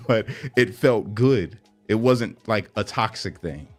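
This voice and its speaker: A man with a fairly low voice speaks in an earnest, conversational way, loose with slang and easy fillers. Faint music plays under his casual vlog talk. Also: lively intonation, slow, darkish tone. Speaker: vlogger. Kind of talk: casual reflective monologue.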